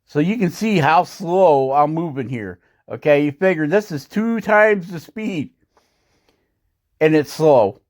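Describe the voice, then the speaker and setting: A man with a slightly high, expressive voice speaks unhurriedly as he hosts a woodcarving channel. His casual how-to voice-over rambles through his work, self-deprecating and full of chuckles.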